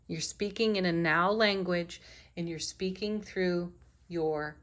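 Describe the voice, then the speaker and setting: Lowish voiced woman doing a tarot reading, warm encouraging vibe, middle aged. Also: moderate pace. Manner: gentle, enthusiastic, affirming. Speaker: tarot reader.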